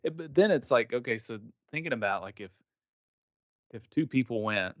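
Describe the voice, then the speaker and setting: Male co-host, mid pitch, hesitant talker, dry lo-fi sound. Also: expressive, moderate pace, no echo. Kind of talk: casual chat.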